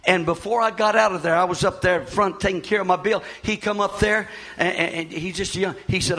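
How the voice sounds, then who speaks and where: A man, preaching a sermon as pastor in a folksy way, often shouting and repeating himself. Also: sits high, fairly even intonation, brisk, few pauses, slight background noise.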